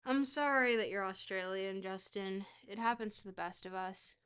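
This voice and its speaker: A woman's voice: medium pitch, normal speed, a bit bright, clear, resonant tone. A woman streamer talks her way through a geography guessing game in loose, casual chat. She rambles and jokes, with an easy habit of swearing.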